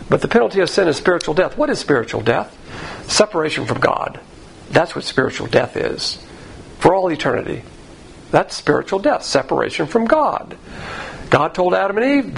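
Gravelly guy preaching, kinda high voice, faint hiss behind him. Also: low-quality recording. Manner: emphatic, conversational preaching with rhetorical questions. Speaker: pastor. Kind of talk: sermon.

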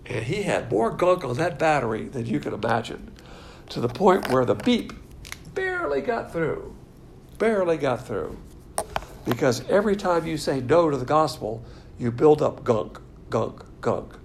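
Male preacher, casual sermon, gravelly voice, faint noise behind. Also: medium pitch, normal speed. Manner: animated, jokey, mimics imagined people in quoted voices.

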